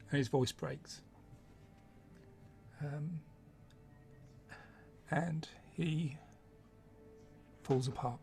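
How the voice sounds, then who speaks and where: A man narrating a tabletop game as game master, in a slow, hushed storytelling manner. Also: on the high side, steady tone, vocal fry, faint music behind.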